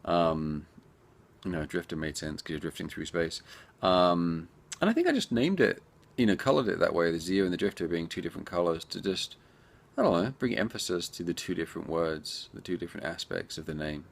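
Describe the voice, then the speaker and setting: A man's voice: low-pitched, fairly quick, vocal fry. A man who develops indie games, answering viewer questions in a chatty, rambling way and talking straight to the viewers. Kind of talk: casual Q&A chat.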